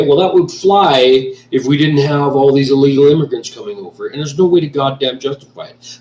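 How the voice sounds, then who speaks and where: A man's voice: a little high, darkish tone. A man from Canada ranting angrily in a vlog, swearing often and repeating himself as he vents. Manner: profane, heated, repetitive. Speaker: vlogger. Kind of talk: angry ranting monologue. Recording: echoey room, mic at a distance.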